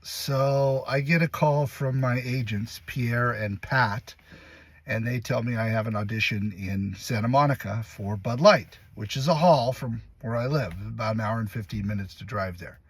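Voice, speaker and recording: Husky-voiced man telling a lively anecdote. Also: mid-range voice, moderate pace, dry recording. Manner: animated storyteller acting out lines and voices. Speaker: actor. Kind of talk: casual anecdote told to camera.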